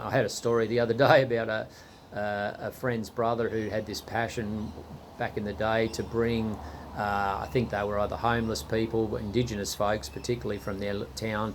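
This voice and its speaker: A man's voice: mid-range voice, vocal fry, slight background noise. A man, a church leader giving a casual, exasperated preaching talk and rambling with lots of "you know"s.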